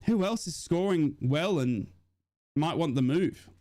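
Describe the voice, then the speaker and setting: Excitable young man doing fan commentary. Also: a little high, a little slow. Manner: excitable, rambling, swears, reads chat comments aloud. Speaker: football watch-along host. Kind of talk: live fan commentary and chat replies.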